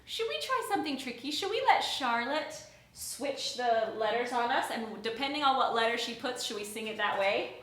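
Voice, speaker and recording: Bright cheerful woman music teacher. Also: a little high, expressive, moderate pace. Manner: cheerful, sings nursery songs, coaxing children. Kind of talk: children's music class with singing. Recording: echoey room.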